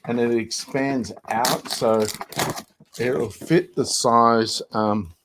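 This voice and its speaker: A man's voice: medium pitch, fairly even intonation, drawn-out words, noisy background. A man hosting a live shopping show, walking through each product's features step by step. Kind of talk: product demonstration.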